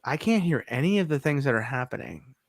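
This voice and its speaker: A man's voice: medium pitch, very animated, a little fast, dry recording, clean studio sound. A man in his thirties telling a long rambling story in a casual podcast chat, laughing often. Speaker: podcast co-host.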